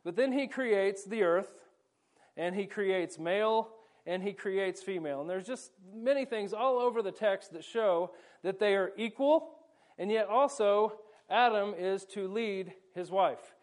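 A man preaching an animated sermon, explaining step by step and dropping playful asides. His voice is high for a man. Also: unhurried. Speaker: pastor. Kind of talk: sermon with volunteers acting out a scene.

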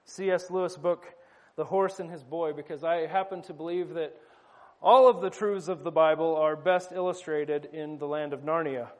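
Brief: male preacher, high voice, conversational sermon style, slows down to drive points home. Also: steady tone. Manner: conversational with wry asides, slowing for emphasis.

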